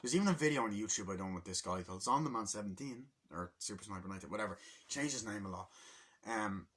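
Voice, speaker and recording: A young man giving a rambling, excitable spoken movie review, acting out scenes from the film. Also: husky. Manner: rambling, excitable, acts out scenes in high voices.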